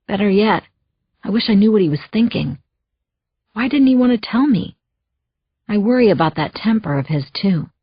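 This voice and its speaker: Woman audiobook narrator, first-person thriller, husky voice, anxious edge, muffled dry recording. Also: lowish voice, no echo. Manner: tense, anxious storytelling.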